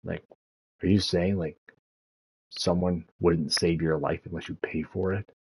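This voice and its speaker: A man rambling through casual commentary, profane and laughing often as he thinks out loud. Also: deep voice, flat delivery, a little slow, a little hiss or hum. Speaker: streamer.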